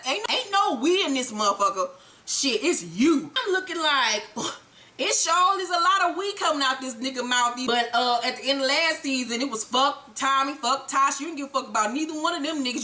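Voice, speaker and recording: A woman giving a blunt, animated, profane TV episode recap as host. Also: sits high.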